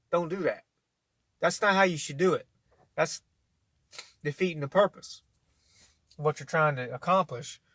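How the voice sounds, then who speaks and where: A man's voice: fairly high pitch, fairly bright tone, no room sound. A man ranting casually to camera, blunt and profane, rambling with many restarts and talking straight at the listener. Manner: argumentative, addresses listener directly. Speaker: vlogger.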